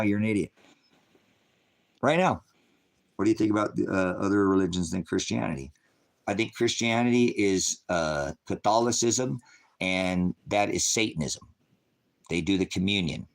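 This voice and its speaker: Rambling low-voiced man hosting a livestream. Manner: rambling and conspiratorial, laughs often; answers chat, addresses viewers as guys. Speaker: livestream host. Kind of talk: casual livestream chat.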